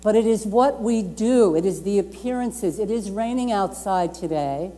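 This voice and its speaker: A woman minister delivers a Sunday sermon in a mellow, warm voice, pressing her key phrases again and again. She draws the congregation in to repeat lines with her. Her words ring out with a long reverb in a lounge room. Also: mid-range voice, expressive, normal speed. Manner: emphatic, repeats key phrases, invites the congregation to speak along. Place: community lounge at a YMCA.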